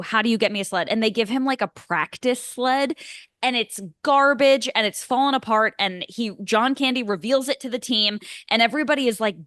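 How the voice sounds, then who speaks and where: A woman's voice: fairly high pitch, fairly bright tone, no echo, clean studio sound. Casual, swearing woman podcaster. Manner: casual, swears freely, lots of "like" fillers. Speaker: podcast co-host. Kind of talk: casual movie chat.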